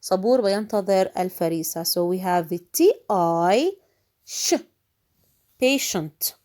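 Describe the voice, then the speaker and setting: A woman's voice: lowish voice, expressive, a little mellow. Woman teacher drilling vocabulary. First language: Arabic. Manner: slow, drawn-out repetition of each word, switching into Arabic to explain. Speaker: English teacher. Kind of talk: recorded vocabulary lesson.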